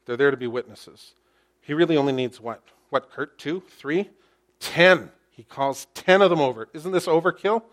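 A male pastor preaching a sermon to his congregation. He uses lively storytelling, rhetorical questions and wry humor. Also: mid-range voice. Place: church, speaking to a congregation with slides.

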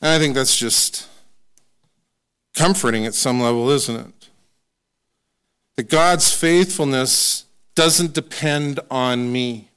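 A man preaching a sermon in a conversational, self-deprecating way, slowing down to stress scripture. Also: medium pitch, fairly bright tone, smooth. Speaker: pastor.

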